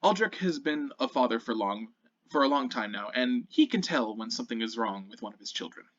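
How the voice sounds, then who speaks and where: Male game master narrating a tabletop game, animated and expressive delivery, muffled lo-fi audio. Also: medium pitch, brisk, dry recording. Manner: descriptive and animated, with occasional self-corrections. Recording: muffled lo-fi recording.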